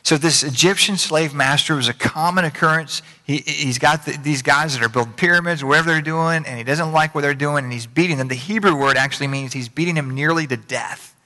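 A man's voice: on the high side, sharp tone, long reverb tail. A man preaching a casual, conversational sermon as pastor, with a folksy habit of repeating phrases. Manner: folksy, repeats phrases, speeds up and slows down for emphasis. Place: church sanctuary.

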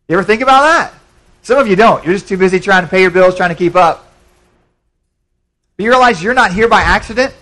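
A man's voice: sits high, expressive, quick pace, pauses often, bright, forceful tone, poor audio. A man pastor preaching a sermon in a church, conversational, with frequent repetitions and restarts.

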